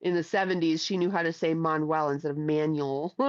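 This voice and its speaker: A woman's voice: deep voice, normal speed, no room sound. Middle-aged woman hosting a stream, crude and chatty, slightly lo-fi mic. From Ohio, USA. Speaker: livestream host reading chat. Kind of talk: casual livestream chat.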